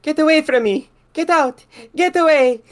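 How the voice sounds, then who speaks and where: A man voicing a frightened young woman in a shrill falsetto. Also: a little fast, warm tone, lightly acted.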